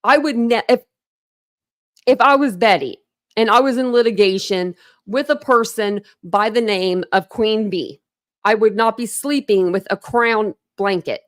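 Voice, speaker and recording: A woman's voice: a little high, a little slow, no room sound, studio quality. A woman hosting a true crime commentary stream, chatting in a rambling, teasing way. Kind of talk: casual reaction commentary.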